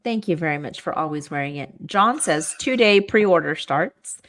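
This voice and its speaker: A woman's voice: low-pitched, normal speed. A woman co-hosting a casual web show, telling funny stories and acting out what people said. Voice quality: animated storyteller who acts out quotes. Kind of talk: casual chat.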